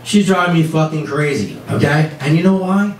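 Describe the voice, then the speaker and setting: A man doing a stand-up comedy set in a small club, ranting in an animated, exasperated way to the audience. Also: on the high side, moderate pace. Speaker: stand-up comic. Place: small club or bar, indoors. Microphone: stage microphone. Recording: roomy bar sound, mic at a distance, crowd laughter.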